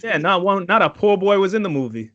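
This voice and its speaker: Animated, profane man co-hosting a podcast. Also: high voice, fast, no echo, lo-fi sound. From Trinidad. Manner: animated, profane, acts out quotes. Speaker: podcast co-host. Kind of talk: casual chat.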